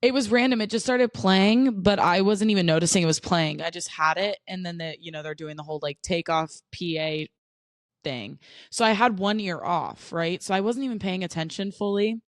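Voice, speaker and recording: A woman's voice: on the low side, moderate pace, dry recording, clean studio sound. A young woman from the United States co-hosting a podcast, chatting casually and bluntly, with lots of "like" and easy laughs. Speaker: podcast co-host.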